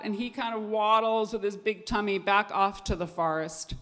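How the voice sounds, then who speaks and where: Woman telling a lively children's story. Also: mid-range voice, normal speed, hardly any pauses. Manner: lively, animated narration. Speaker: storyteller at a family service. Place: synagogue sanctuary. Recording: echoey hall with long reverb.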